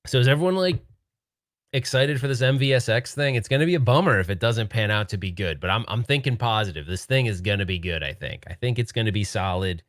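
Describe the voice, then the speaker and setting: A man with a fairly low voice hosts a late-night livestream from home, talking quickly while joking and laughing. He's excitable but tries to keep his voice hushed. The recording is studio quality with no echo.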